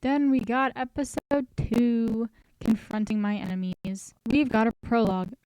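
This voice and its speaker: A woman's voice: fairly high pitch, fairly even intonation, unhurried, dark tone, clean tone, no room sound, rough recording. A woman casually recapping a story, chatty and full of joking asides. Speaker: recap host.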